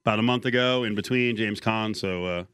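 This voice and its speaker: A man's voice: lowish voice, a little fast, a bit bright, smooth, dry recording. A man hosting a casual sports radio chat, leading the talk and asking loose questions. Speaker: radio host.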